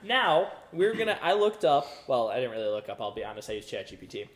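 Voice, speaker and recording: A man's voice: mid-range voice, sing-song, fast talker. A young man hosting a casual podcast chat, upbeat and rambling, laughing often. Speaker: podcast host. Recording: roomy, echoey room.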